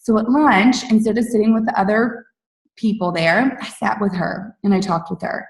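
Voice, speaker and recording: On a team call, a fitness coach in her late thirties talks candidly about her own story at a normal pace in a mid-range voice. Her chatty delivery is full of "like" and "you guys." The mic sits at a distance, so the sound is roomy.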